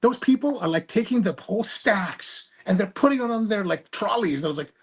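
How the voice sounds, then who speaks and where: A man's voice: high-pitched, animated, a little fast, slightly rough. A man hosting his own show, telling a rambling, snarky story with many restarts. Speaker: host. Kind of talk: casual monologue.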